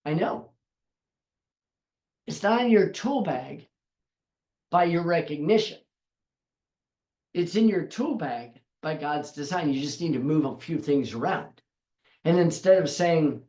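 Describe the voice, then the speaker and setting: A man with a slightly raised pitch gives a devotional Bible teaching. He drives his points home by repeating phrases with emphasis. The recording has a noticeable roomy echo. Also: unhurried, long pauses, a little mellow.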